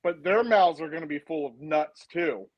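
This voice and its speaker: A man's voice: on the high side, moderate pace, lo-fi sound. A man guesting on a podcast, wisecracking crudely. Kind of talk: casual sports chat.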